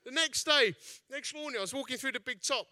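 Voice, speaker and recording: Very high-pitched, bright and pushed, this man speaks fairly quickly on a dry recording. The evangelist and festival founder from East London tells a sermon as a story, chatty and jokey and poking fun at himself.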